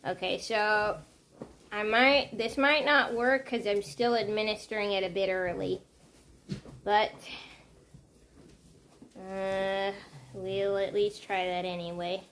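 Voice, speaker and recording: Woman vlogging, talks to herself real slow, kinda high voice, faint noise behind. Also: steady tone. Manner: muses aloud while working things out, soft self-talk. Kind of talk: casual thinking aloud.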